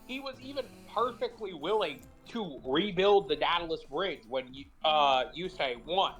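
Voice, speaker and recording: Animated joking man co-hosting a let's play. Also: on the high side, measured pace, faint music behind. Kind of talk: casual gaming chat.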